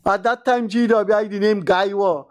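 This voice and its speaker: A man's voice: high voice, fairly even intonation, moderate pace. An older man with a Guyanese accent hosting a call-in show, talking in exasperated, rambling commentary. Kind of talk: call-in radio talk.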